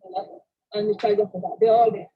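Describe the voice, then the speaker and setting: A woman's voice: mid-range voice, level tone, fast talker, breathy edge. A woman speaking in short, fragmented, flustered bits. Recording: dull lo-fi sound.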